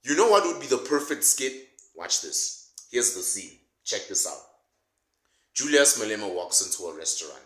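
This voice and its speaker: Male commentator, mocking comedic rant, animated delivery, roomy sound. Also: fairly low pitch, normal speed. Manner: sarcastic, mocking, laughs at his own jokes. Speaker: political commentator. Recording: roomy echo.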